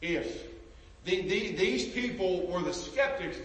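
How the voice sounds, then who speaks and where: Fervent high-voiced preacher in a hall. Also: male voice, animated, takes it slowly. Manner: passionate, repeats words, swings from loud to hushed. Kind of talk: sermon. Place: church sanctuary. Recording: echoey hall from far off.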